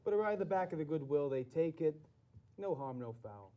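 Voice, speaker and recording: A man's voice: on the high side, expressive, brisk, highs cut off, natural voice. A man playing a nervous, simple-minded forty-one-year-old mechanic with a New Jersey accent who rambles and repeats himself. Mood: rambling. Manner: rambling, fidgety, repetitive. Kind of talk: comedy sketch acting.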